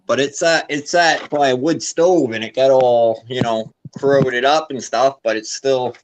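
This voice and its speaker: A man's voice: medium pitch, unhurried, background noise. A man in casual group chat, laid-back and swearing freely.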